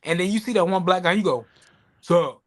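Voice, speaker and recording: A man co-hosting a podcast, chatting casually, telling animated stories, swearing freely and acting out the voices of people he quotes. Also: high-pitched, very fast. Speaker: podcast co-host. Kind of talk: casual chat.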